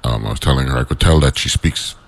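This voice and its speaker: A man from St. Croix hosting an interview, speaking in a measured, halting way and repeating words as he gathers his thoughts. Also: rumbling low, vocal fry, slightly rough. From St. Croix, US Virgin Islands. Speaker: interview host. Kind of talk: casual interview chat.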